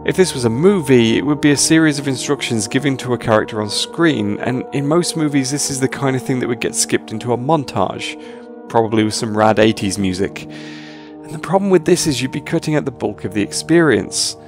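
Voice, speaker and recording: A man's voice: medium pitch, animated, a little fast, music in the background. A man narrating a scripted video essay about games, with dry, sarcastic humor.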